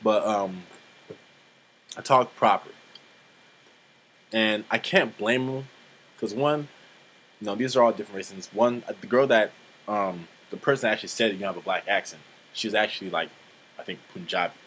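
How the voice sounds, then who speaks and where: In a casual vlog, a man in his twenties with a lowish, somewhat bright voice rambles along fairly quickly. He's blunt, swears freely, and leans on "like" and "um" to fill gaps. The audio is poor, with a faint hiss underneath.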